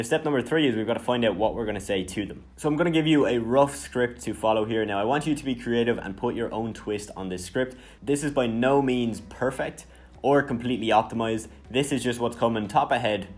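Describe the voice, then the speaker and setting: A man in his twenties, from Ireland, giving a casual, energetic marketing lesson and often asking "right?". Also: medium pitch. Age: 20s. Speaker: marketing coach. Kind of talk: casual instructional talk.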